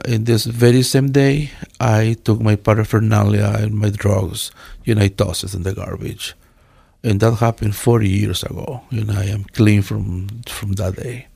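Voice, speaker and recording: Man in his 60s, Guatemalan Spanish accent, native Spanish speaker, pastor recounting his life, halting and earnest, low gravelly voice, dark tone, dry close sound. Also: no room sound. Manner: halting, earnest, with many restarts and learner's grammar. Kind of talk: telling his life story in an interview.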